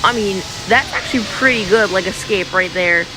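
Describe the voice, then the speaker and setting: A woman giving casual, excitable live commentary on her own gameplay, full of fillers and quick exclamations. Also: medium pitch, music in the background, rough recording. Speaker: game streamer.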